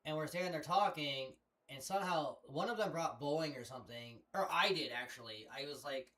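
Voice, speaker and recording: A man's voice: fairly high pitch, a little fast, fairly bright tone. A young man chatting casually on a headset mic, telling a long rambling story full of swearing. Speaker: streamer. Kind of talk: casual chat.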